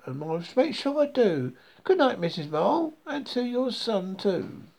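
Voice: medium pitch, very animated, unhurried, gravelly, darkish tone, voice pushed up, heavily acted. A reader voicing a grumpy, weepy bat in a rhyming children's story, whiny and fretful. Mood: curious.

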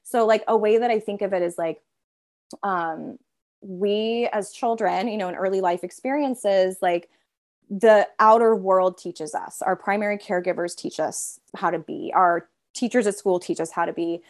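A woman therapist in easy, conversational talk, leaning on "like" at every turn. Her pitch sits at an ordinary middle. She slips into quick little voices for the parts of herself she describes. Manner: chatty, heavy use of filler "like". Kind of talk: casual interview conversation.

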